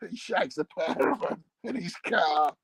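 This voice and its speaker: A man's voice: sits high, lively intonation, unhurried, creaky, fairly bright tone, breathy edge, dry recording, poor audio. A man rambling through crude comic chat, bawdy and meandering, chuckling at his own jokes. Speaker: comic monologue host.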